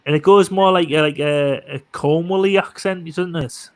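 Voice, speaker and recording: A man's voice: on the high side, normal speed, no room sound. A man hosting a casual live stream chat, talking in a rambling way with many restarts. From northern England.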